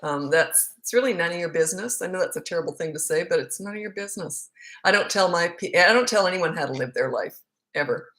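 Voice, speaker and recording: A woman's voice: on the low side, lively intonation, fast, fairly bright tone. A middle-aged woman, a parenting coach, answering viewer questions in a casual, blunt and frank way, repeating words for emphasis.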